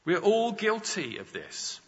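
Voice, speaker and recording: A man's voice: high-pitched, huge pitch swings, takes it slowly. A man preaching a sermon, explaining Scripture with examples and rhetorical questions. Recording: dull sound with long reverb in a large hall.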